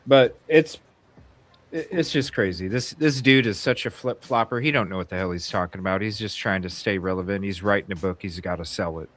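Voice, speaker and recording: A man's voice: sits low, fairly quick, fairly bright tone. Blunt, swearing man hosting a talk show. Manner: blunt and opinionated, swears casually; rambling with frequent restarts. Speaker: podcast co-host. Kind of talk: casual true-crime talk show chat.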